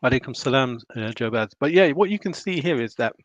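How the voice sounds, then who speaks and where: A man's voice: medium pitch, lively intonation, a little fast, no echo. A man hosting a live stream, chatting casually and laughing as he reacts to a video while eating. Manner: chatty, laughs often, stops to rewind. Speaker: livestream host reacting to a video. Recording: dull lo-fi dry mic.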